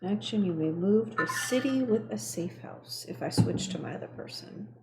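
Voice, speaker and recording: A woman's voice: mid-range voice, lively intonation, moderate pace, creaky, noisy background. A woman streaming a board game, thinking aloud and talking through her moves in casual chat.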